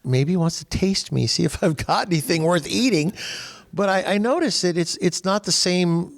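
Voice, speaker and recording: An older man, the host, chatting casually and telling animated stories that grow louder and higher as he gets going. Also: moderate pace, creaky. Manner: animated storyteller, voice rising as he tells stories. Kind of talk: casual chat.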